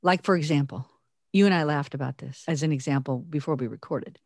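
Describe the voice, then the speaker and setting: Woman, podcast co-host, low voice, earnest, dry close sound. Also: brisk, darkish tone, dry recording. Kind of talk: conversational podcast talk.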